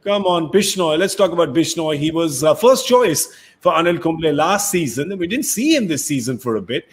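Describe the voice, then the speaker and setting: A man hosting a cricket talk show in a lively, joking way. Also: a little high, brisk. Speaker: host.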